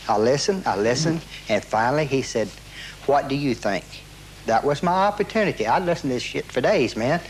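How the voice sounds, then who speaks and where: In an interview, a man tells a story casually and animatedly, acting out a lot of quotes, repeating and restarting himself, and swearing now and then. His voice is mid-range and a little fast, and the low-quality recording carries slight background noise.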